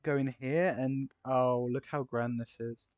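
Excitable man, dry lo-fi mic. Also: medium pitch, no room sound. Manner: excitable and gushing, quick gasps and exclamations. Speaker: game video creator touring player builds. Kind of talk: casual gameplay commentary. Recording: slightly dull, lo-fi recording.

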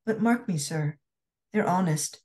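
A woman voicing a witty young Scotswoman corset maker, frank and dryly teasing, a little higher than her narration. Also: unhurried, warm tone, lightly acted.

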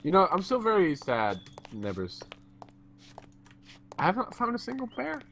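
Playful man, wildly lively pitch. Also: normal speed, vocal fry, slight background noise. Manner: playful, stumbling over words, laughing. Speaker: gamer. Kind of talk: casual gaming chat.

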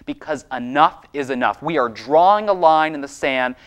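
A man's voice: fairly high pitch, normal speed, fairly bright tone, clean tone. Fired-up young man from Maine. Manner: fired-up, insistent, repetitive emphasis. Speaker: host and state legislator. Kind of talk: impassioned political commentary.

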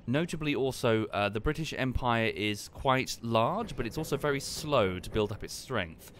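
A man casually commenting on a live game stream and explaining history at length in a relaxed, wry way. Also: medium pitch, moderate pace, a little hiss or hum.

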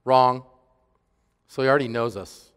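A man preaching in a church, his voice smooth and resonant at a middle pitch. He is earnest and emphatic, often sinking to a quiet hush, and a long reverb hangs after each phrase. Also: normal speed. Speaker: pastor. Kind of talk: sermon.

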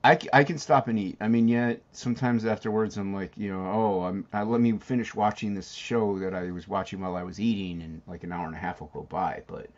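A man's voice: fairly low pitch, steady tone, fairly quick, hardly any pauses, highs cut off. A man chatting casually on a stream, laid-back and agreeing along. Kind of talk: casual chat.

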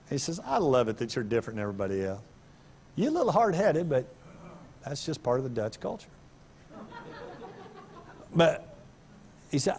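A middle-aged man preaching in a church sanctuary, his ordinary mid-range voice breaking into sudden loud, high-pitched bursts when he makes a point. His delivery is animated and conversational. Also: moderate pace, pauses often, slightly rough. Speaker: pastor. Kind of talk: sermon.

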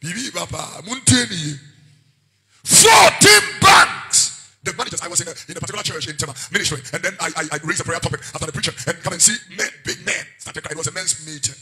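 A man preaching a sermon with a Ghanaian accent, shouting out warnings and switching between Twi and English. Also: a little high, rapid-fire, few pauses, poor audio. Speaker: prophet preaching.

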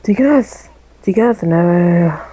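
A man's voice: sits high, animated, slow pace, warm tone, slightly rough, no echo, low-quality recording. A man on voice chat rambling through mock-serious jokes during a shooter game. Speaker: teammate in voice chat. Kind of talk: casual gaming voice chat.

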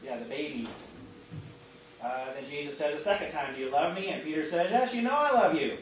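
A man's voice: on the high side, animated, fairly quick. A man with a Midwestern American accent, a pastor leading an interactive Bible class, speaking conversationally with many fillers and questions put to the group. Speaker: pastor teaching a Bible study. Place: church classroom. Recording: roomy, distant mic, faint hiss.

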